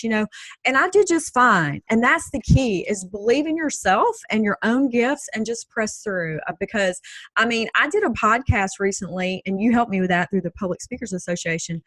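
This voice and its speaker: A woman's voice: medium pitch, lively intonation, brisk, fairly bright tone, no echo. A middle-aged woman with a Southern US accent, chatting upbeat as an interview guest and laughing often. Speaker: guest, business coach and speaker. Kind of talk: casual interview chat.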